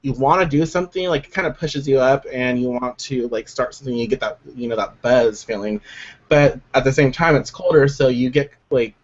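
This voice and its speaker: A man co-hosting a casual chat, animated and jokey with frequent swearing. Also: mid-range voice, brisk. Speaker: podcast co-host. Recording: dull lo-fi home recording.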